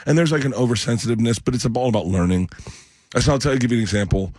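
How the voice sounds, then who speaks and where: A man's voice: medium pitch, racing, a little mellow, breathy edge, no echo. A middle-aged man, a comedian guest in a radio studio, telling a funny story with laughs and acting out other people's voices. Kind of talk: animated storytelling.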